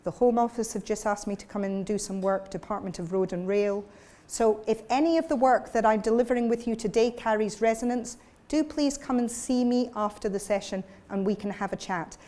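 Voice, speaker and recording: A woman communications coach giving a workshop lecture, lively and demonstrative with her audience. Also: medium pitch, fairly quick.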